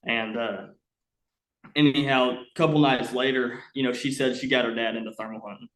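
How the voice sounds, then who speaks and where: Young man, podcast guest, casual animated storyteller, mid pitch, echoey room. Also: normal speed. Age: young adult. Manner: rambling, animated, many "uh" fillers. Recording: roomy echo.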